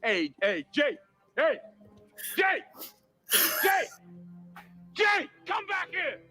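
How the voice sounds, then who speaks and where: An actor playing a furious, domineering corrupt male cop who rants and shouts threats, heard in a film clip. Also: very high voice, very animated, drawn-out words, faint music behind, heavily acted.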